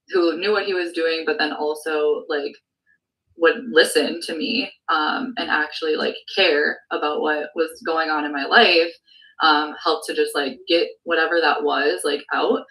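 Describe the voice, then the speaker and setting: A woman's voice: low voice, steady tone, unhurried, bright, forceful tone, recorded from a distance, low-quality recording. A woman sales producer sharing her story on a team call, earnest, full of "like" and "um", close to tears at times. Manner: heavy use of "like" and "um", earnest and emotional. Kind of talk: candid testimony on a team call.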